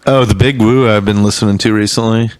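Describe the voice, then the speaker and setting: A man's voice: fairly low pitch, steady tone, fast, clear, resonant tone. A young man, a singer-songwriter guest speaking in his home studio, chatting in a laid-back, offhand way and laughing easily. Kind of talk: casual chat.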